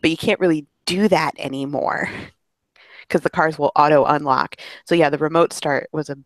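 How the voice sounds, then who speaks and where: A woman's voice: low voice, fairly even intonation, normal speed, no room sound. A woman from Minnesota, a radio producer, chatting easily as a podcast guest, laughing often with frequent ums. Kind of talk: casual interview chat.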